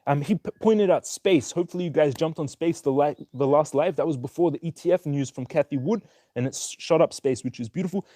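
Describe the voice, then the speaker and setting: A man's voice: a little high, fairly quick, warm tone. A young man hosting a casual stock market livestream, upbeat as he greets viewers by name and place one after another.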